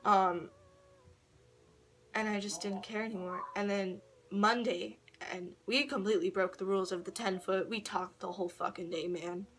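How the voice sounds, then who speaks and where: A woman's voice: medium pitch, fairly even intonation, moderate pace, fairly bright tone, slight background noise. A woman vlogging at home, casually telling a personal story, full of slang, swearing and laughter.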